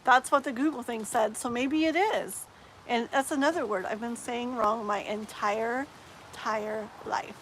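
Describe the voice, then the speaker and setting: A woman with a slightly high voice chats and rambles through a live tarot stream, often sinking into quiet murmurs. A faint hiss of noise sits behind her. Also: a little slow, poor audio. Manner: chatty, rambling, drops into soft murmurs. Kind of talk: casual live-stream chat.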